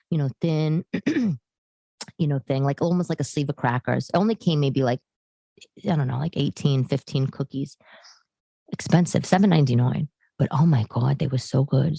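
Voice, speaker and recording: A middle-aged woman hosts a podcast from her living room, talking solo in a rambling, chatty, self-deprecating way. Her deep voice is gravelly and warm, and the recording is dry.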